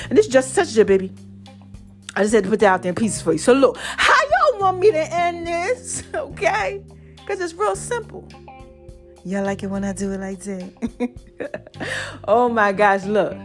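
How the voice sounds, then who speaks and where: High-voiced woman preaching uplift on a podcast. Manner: preachy, playful, repeats catchphrases. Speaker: podcast host. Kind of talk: motivational solo podcast talk.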